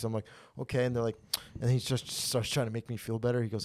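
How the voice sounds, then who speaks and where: A young man hosting a comedy podcast, telling a story in a casual, profane and animated way that turns loud when he rants. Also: medium pitch, fast, no echo. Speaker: podcast host.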